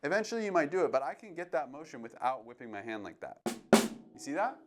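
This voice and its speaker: A man teaching jazz drumming, calmly coaching and counting beats aloud between demonstrations. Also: a little high, fast, loud music behind the voice. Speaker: drum teacher. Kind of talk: instructional demonstration. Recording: drums playing behind the voice. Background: drum playing between phrases.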